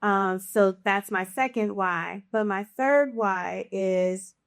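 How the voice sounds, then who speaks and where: A woman's voice: mid-range voice, slow pace, smooth. A woman guest in a casual podcast conversation, speaking in an earnest, reflective way with many fillers.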